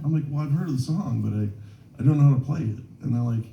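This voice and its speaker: A man's voice: medium pitch, quick pace, gravelly, crowd noise. A man performing live in a small bar, telling rambling, self-mocking stories between songs with many restarts. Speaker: singer-songwriter performing live. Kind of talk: stage banter between songs. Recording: roomy bar room from a distance. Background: guitar.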